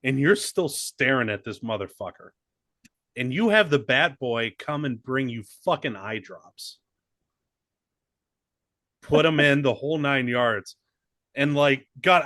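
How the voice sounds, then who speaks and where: A man co-hosting a podcast in casual chat, emphatic and excitable, swearing freely. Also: mid-range voice, measured pace, no room sound, clean studio sound. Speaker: podcast co-host.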